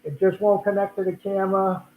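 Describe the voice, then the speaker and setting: An older man with a Boston accent rambles through a casual livestream chat, often repeating and restarting his words. His voice sits fairly high for a man. The sound is thin and phone-like, with a lot of room echo. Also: completely flat delivery, brisk, a little hiss or hum. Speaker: livestream host. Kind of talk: casual live stream chat.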